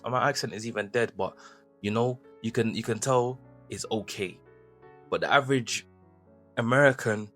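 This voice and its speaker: Brief: British male vlogger, lowish voice, chatty rhetorical commentary, faint music under. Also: a bit bright. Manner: conversational, asks rhetorical questions. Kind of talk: casual commentary.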